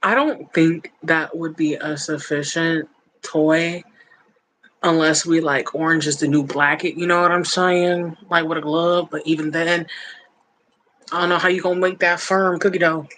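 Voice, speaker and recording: A woman's voice: low-pitched, fairly even intonation, a little slow, fairly bright tone, a little hiss or hum, poor audio. Blunt, playful woman streamer. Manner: playful, blunt and teasing, laughs often. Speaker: livestream host reading chat. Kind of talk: casual chat.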